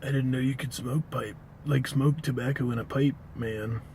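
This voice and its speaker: Guy doing a dopey stoner dude voice, slow drawl, stretched-out words. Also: fairly high pitch, animated, a little mellow, slight background noise. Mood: baffled. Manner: slow, slack-jawed and amazed. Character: slow-witted laid-back stoner dude, adult man.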